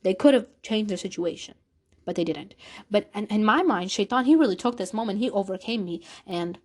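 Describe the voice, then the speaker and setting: Woman, vlogger, personal storytelling, earnest, emotional, repetitive emphasis, mid pitch. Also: animated, brisk. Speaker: Islamic vlogger.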